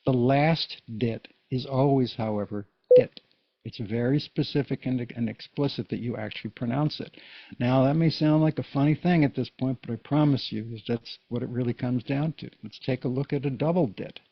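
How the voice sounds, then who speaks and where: A man's voice: mid-range voice, moderate pace, no room sound. A man giving a casual, patient Morse code lesson, explaining each step in plain words. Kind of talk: casual spoken tutorial. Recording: dull lo-fi recording.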